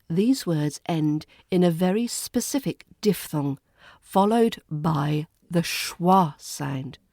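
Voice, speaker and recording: A woman with a southern English RP accent hosting a pronunciation lesson, slowly modelling sounds and repeating example words. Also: lowish voice, darkish tone, no room sound, clean studio sound. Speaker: accent coach and podcast host. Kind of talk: slow, clearly enunciated pronunciation lesson.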